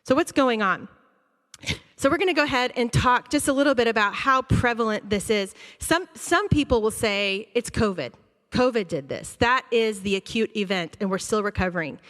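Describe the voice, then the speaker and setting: A woman school counselor giving an animated, conversational talk to a church audience, acting out her students' reactions. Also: a little high, a little fast. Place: church auditorium. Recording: long hall reverb.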